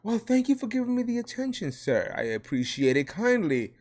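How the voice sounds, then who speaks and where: Man, New York accent, sarcastic vlogger, mocking, lively swinging pitch. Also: a little fast. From Puerto Rico. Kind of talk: reacting to comments.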